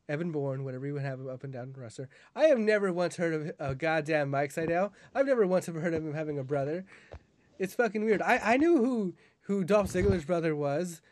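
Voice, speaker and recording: A man's voice: fairly high pitch, darkish tone, no echo. Ranting, profane podcast co-host man. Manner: rambling profane rant with many restarts. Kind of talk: casual podcast chat.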